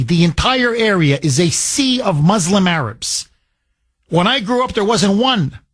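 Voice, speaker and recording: Emotional talk radio guy ranting, middle-aged, kinda raspy voice pitched a bit high. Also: fairly bright tone. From Canada. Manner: emotional, heated, preachy. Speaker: radio talk show host.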